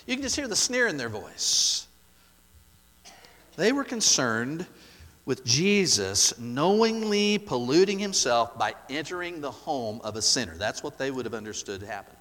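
A man preaching a sermon, asking the congregation rhetorical questions and repeating key words for emphasis, swinging from loud to soft. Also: medium pitch, big pitch swings, measured pace, long reverb tail. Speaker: pastor.

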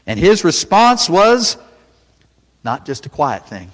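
A man preaching a sermon, dramatic, rising to loud cries when he acts out a scene. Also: a little high, very animated, slow pace, pauses often, big-room sound.

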